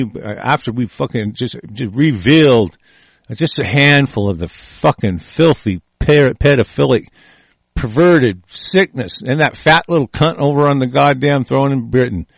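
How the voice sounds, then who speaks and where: A man delivering an angry, profane monologue. He swears constantly and stumbles into restarts, swinging between low muttering and raised, shouting anger. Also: no room sound.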